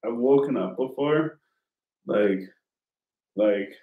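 A man's voice: medium pitch, slow pace, phone-quality sound. A man casually telling a rambling story, swearing often and filling with "like". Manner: rambling, heavy swearing, lots of fillers. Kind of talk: casual chat. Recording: roomy echo.

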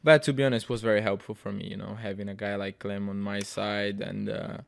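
A man's voice: lowish voice, fairly quick, vocal fry. A young man with a Brazilian accent, a Portuguese speaker, chatting casually as a podcast guest and filling gaps with "you know". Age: young adult. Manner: relaxed, leans on "you know" fillers. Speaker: podcast guest, racing driver. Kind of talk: casual chat.

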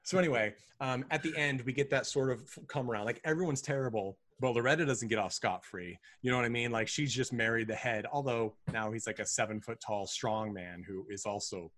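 A man's voice: mid-range voice, fairly quick, few pauses, a bit bright, no echo. A man co-hosting a film podcast, recapping a movie in casual chat. He rambles and restarts his sentences often, stacking fillers as he goes. His voice sits in a dry, close-miked sound. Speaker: podcast co-host.

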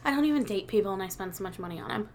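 A woman in her thirties chatting casually as a podcast co-host, telling animated stories, laughing often and swearing freely. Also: medium pitch, rapid-fire, a little hiss or hum. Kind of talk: casual chat.

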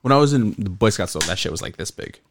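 A man's voice: fairly low pitch, expressive, fast, a little hiss or hum. A man hosting a podcast, asking curious questions and joking in casual chat. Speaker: podcast host.

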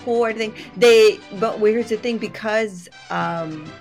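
A woman in her late thirties, a podcast guest telling stories in casual chat, animated and laughing often. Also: medium pitch, unhurried, over music.

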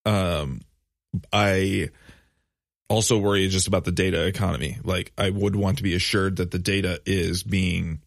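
Man, 30s, very low gravelly voice, dry close sound, casual rambling podcast talk. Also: fairly even intonation, moderate pace, no room sound. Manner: rambling, lots of fillers and restarts. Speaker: podcast co-host. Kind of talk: casual chat.

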